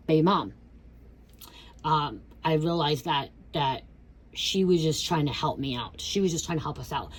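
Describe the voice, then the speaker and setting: This tarot reader is a woman in her thirties with a low, darkish voice. Her spiritual reading is casual, blunt and profane, and she keeps checking in with "okay?".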